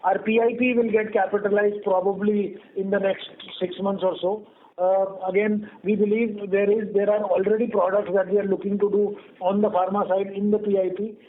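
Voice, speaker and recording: High-voiced executive on a tinny phone line. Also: male voice, flat delivery. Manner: measured, frank, many fillers. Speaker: company executive answering analysts. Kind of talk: earnings call answers.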